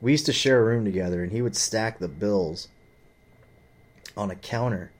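A man with a fairly low voice, speaking at a moderate pace, tells a rambling, profane story about his father and his boss. His personal rant is full of fillers and agitation.

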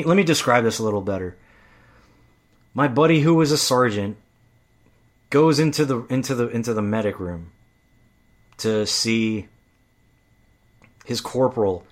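A man's voice: medium pitch, measured pace, long pauses. A man telling stories in a casual, heated monologue, swearing often and getting worked up. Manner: profane, heated storytelling.

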